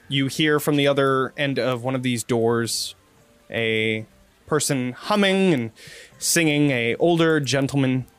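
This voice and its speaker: A man narrating as game master in a tabletop game, in a relaxed, meandering way. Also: medium pitch.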